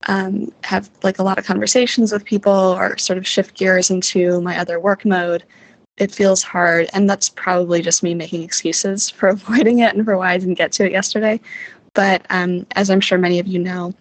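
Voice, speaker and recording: A woman speaks in her just-woken morning voice, keeping an even, level tone. Her recording is dry and close, without room sound. She talks hesitantly and reflectively, like a personal spoken diary. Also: medium pitch, moderate pace, no echo, low-quality recording. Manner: hesitant, reflective, many ums. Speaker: vlogger, musical writer.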